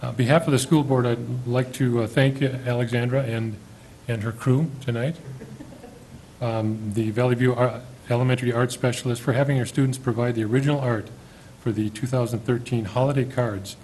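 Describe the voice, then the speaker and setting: Friendly halting man chairing a meeting. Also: mid-range voice, steady tone, a little mellow, a little hiss or hum, rough recording. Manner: friendly, halting, stumbles over names. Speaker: school board chair. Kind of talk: meeting proceedings.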